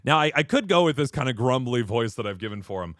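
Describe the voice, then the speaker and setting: Animated, laughing male streamer. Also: mid-range voice, fast, slight background noise. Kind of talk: let's-play commentary.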